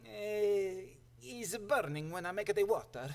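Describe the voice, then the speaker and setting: A theatrical Italian patient in a game, speaking broken English full of Italian words. The voice sits high and swings widely in pitch. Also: male voice, lively intonation, measured pace, darkish tone. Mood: pleading.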